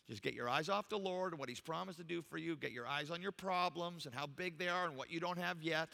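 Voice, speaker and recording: A man's voice: on the high side, quick pace, gravelly, hardly any pauses, sharp tone, big-room sound. A man preaching a sermon in a church, emphatic and full of rhetorical questions to the congregation. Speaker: pastor. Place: church sanctuary.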